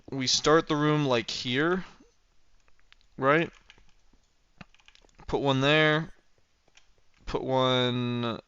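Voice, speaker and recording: A man's voice: mid-range voice, a bit bright, clear, resonant tone, no echo, dull audio. A young man livestreaming a game, chatting casually and rambling playfully as he thinks aloud while building. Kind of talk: casual gameplay livestream chat.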